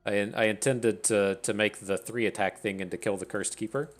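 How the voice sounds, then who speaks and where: A man's voice: on the low side, fairly even intonation, brisk, soft background music. A man giving casual, rambling commentary on his own card game match, often restarting sentences and mocking his own misplays. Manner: rambling, self-deprecating, stammers and restarts. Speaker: gaming streamer.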